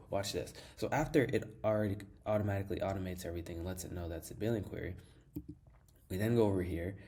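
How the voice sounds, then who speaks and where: A man's voice: sits low, darkish tone. A man giving a casual, enthusiastic screen-share tutorial, often saying "like" and repeating phrases as he explains. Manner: enthusiastic, fills with "like" and repeats himself. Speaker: tutorial host.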